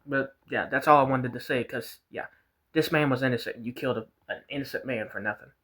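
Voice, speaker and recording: A man's voice: mid-range voice, brisk, fairly bright tone. A man vlogging a casual, rambling rant, repeating himself and swearing as he talks. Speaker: vlogger reacting to a video. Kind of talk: casual ranting commentary.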